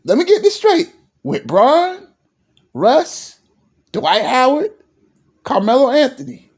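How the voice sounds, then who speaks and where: A man from Virginia ranting in a sports vlog, fired up and repeating himself, sometimes dropping low and emotional. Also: huge pitch swings, slow, husky. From Virginia, USA. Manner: fired-up and repetitive, stumbles over restarts; drops low and emotional at times. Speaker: sports commentary vlogger.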